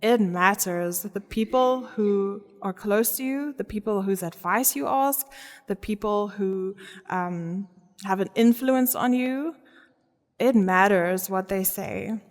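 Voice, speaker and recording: A woman's voice: medium pitch, takes it slowly. A woman preaching a sermon in a church, earnest, often laughing and stressing key words. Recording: long reverb of a church hall.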